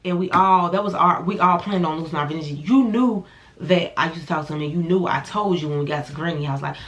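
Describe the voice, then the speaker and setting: A woman's voice: on the low side, fast talker, a little hiss or hum. A woman telling a personal story in a casual vlog, blunt and profane, acting out the voices of the people in it. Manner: animated, blunt and profane, acts out quoted voices. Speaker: storyteller vlogger.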